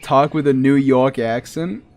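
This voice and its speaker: A man's voice: mid-range voice, fairly even intonation, a little slow, a little mellow. A man with a Massachusetts accent chatting casually while streaming a game, rambling and chuckling between asides. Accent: New England (Massachusetts). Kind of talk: casual chat while gaming.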